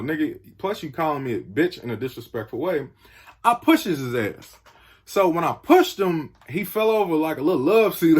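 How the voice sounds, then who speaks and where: A man's voice: fairly high pitch, husky. A young man telling a story in casual talk, acting out the quotes and the sound effects.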